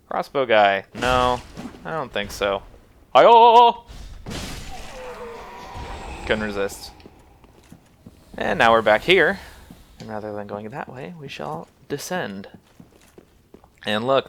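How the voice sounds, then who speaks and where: A young man narrates his gameplay in an easygoing, joking way, chatting at enemies and tossing in silly sound effects. His voice is bright and forceful, and there's a faint hum of room noise behind him. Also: fairly low pitch. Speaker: game guide host. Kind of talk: casual gameplay commentary.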